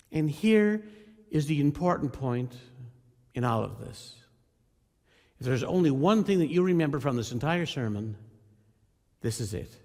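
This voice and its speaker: A male pastor delivers a sermon with earnest emphasis, speaking to his congregation directly. His voice sits somewhat high for a man. It rings with a long reverb through the church sanctuary. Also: a little mellow.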